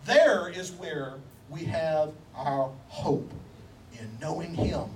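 A high-pitched man preaches a sermon, pressing his point with rhetorical questions and repeated phrases, with a folksy joke now and then. He sounds set back from the mic, with a faint hum of background noise. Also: expressive, takes it slowly, darkish tone, distant mic, poor audio. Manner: emphatic, rhetorical questions and repetition; folksy humor.

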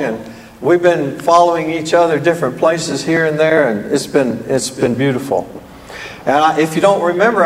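Older Southern preacher in a reverberant hall. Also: male voice, fairly high pitch, slight background noise. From American South. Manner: rambling, folksy, self-deprecating. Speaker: guest preacher. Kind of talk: sermon opening remarks. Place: church hall.

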